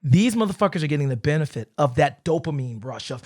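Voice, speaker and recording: This man, a dance teacher, talks quickly in a fairly high voice while animatedly telling podcast stories, performing crowds and their shouts and cursing freely. The studio-quality recording has no echo.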